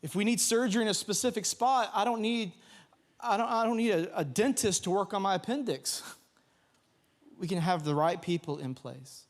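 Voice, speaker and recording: Lively young man preaching a sermon. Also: high-pitched, moderate pace. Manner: storytelling, animated, with laughs and shouted quotes. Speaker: pastor. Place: church sanctuary.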